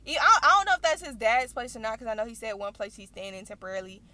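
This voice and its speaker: A young woman hosting a reaction channel, recapping a video in animated, chatty storytelling. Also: on the high side, racing. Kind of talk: casual recap vlog.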